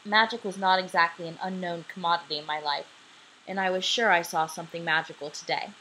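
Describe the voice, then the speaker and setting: This young woman in her twenties sounds lowish, bright and forceful, reading fast with a steady tone. She's narrating a homemade audiobook into her laptop late at night from her bedroom, casual and sleepy, with occasional apologetic interruptions. Slight background noise accompanies a rough recording.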